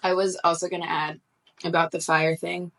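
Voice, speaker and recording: A woman hosting a casual podcast chat, relaxed and joking, laughing often. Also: on the low side, moderate pace. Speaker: podcast host.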